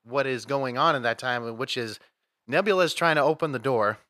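A man's voice: mid-range voice, normal speed, pushed and bright, no echo, clean studio sound. A man co-hosting a podcast, telling a story in a rambling casual way and acting out the quotes. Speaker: podcast co-host. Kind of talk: casual chat.

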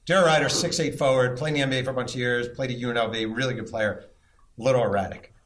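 A middle-aged man hosting a live podcast before an audience, telling lively stories and firing teasing questions. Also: mid-range voice, very fast, slight background noise. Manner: animated storyteller, teasing questions. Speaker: podcast host.

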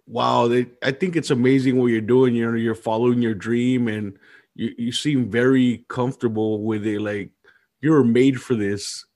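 A man's voice: mid-range voice, moderate pace. A man hosting a podcast, chatting casually and easygoing, with lots of fillers. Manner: relaxed, easygoing, lots of "you know" fillers. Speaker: podcast host. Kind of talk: casual interview chat.

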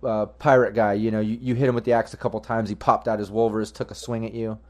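A man's voice: lowish voice, little pitch movement, fast, a little mellow. A man running a tabletop game as game master, narrating in a casual, rambling, profane way.

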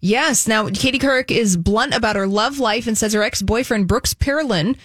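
A woman co-host runs through celebrity gossip items at a brisk clip, quoting reports as she goes. Her voice sits a little high. It sounds close and dry, with no room around it. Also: dry recording. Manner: reads news items briskly, quoting sources. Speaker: co-host reading entertainment news. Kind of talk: casual radio talk show chat.

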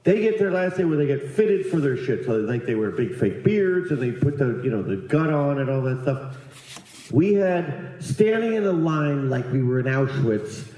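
Man doing stand-up, rambling and profane, teasing the crowd, dark mellow tone, echoey club room. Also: on the high side, very animated, moderate pace. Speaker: stand-up comedian. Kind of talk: stand-up comedy storytelling.

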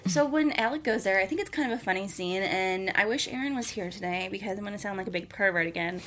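A woman's voice: mid-range voice, quick pace, a bit bright, a little hiss or hum. A young woman co-hosting a casual chat show, recapping an episode in a rambling, giggly way that corrects itself as she goes. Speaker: podcast co-host recapping a TV episode.

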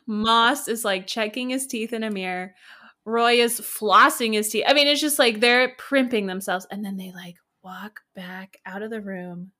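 A woman's voice: mid-range voice, steady tone, normal speed, sharp tone. A woman co-hosting a podcast, animatedly retelling scenes in casual chat with lots of laughter. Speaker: podcast co-host.

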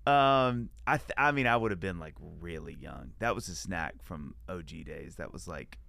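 A man with a very low, gravelly voice chats playfully, rambling through jokes and asides. He sounds close and dry, with no room around him. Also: normal speed, fairly bright tone, no echo. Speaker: podcast guest. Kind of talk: casual comedic chat.

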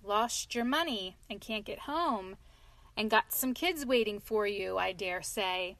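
A woman voicing a kindly, plain-spoken male engine driver with steady, homely speech in a storybook reading. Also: medium pitch, unhurried, dry recording.

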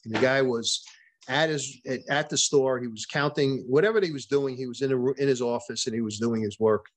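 A man speaking as a podcast guest, unspooling a long anecdote in plain conversational speech. He stumbles and restarts often, repeating words as he goes, and drops in quoted dialogue from the people in his story. His pitch sits in an ordinary middle range. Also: steady tone, a little fast. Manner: retells events with quoted dialogue.

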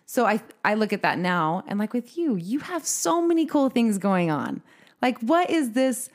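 A woman's voice: on the high side, big pitch swings, moderate pace. A woman hosting a podcast in casual conversation, chatty and laughing often as she talks. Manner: chatty, laughs often, quotes herself in asides. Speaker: podcast host.

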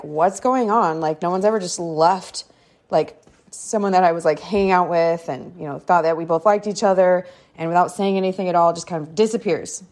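A woman's voice: fairly low pitch, a little mellow. A woman hosting a podcast, telling a personal story in a casual, chatty way with many fillers. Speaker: podcast host.

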